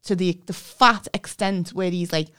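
A middle-aged woman with a Scouse accent, co-hosting a casual comedic chat and telling stories with lively impressions. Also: on the low side, moderate pace, clean tone. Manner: storytelling, mimics people, swears. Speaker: podcast co-host.

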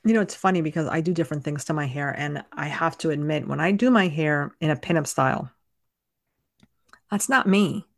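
A woman's voice: sits low, a little fast, no echo, clean studio sound. A woman co-hosting a podcast, chatting casually and emphatically about a book. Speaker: podcast co-host.

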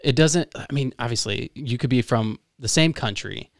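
A man's voice: mid-range voice, normal speed, vocal fry, no echo. A man hosting a podcast from his home studio, chatting casually and rambling with lots of filler words. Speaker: podcast host. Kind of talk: casual interview chat.

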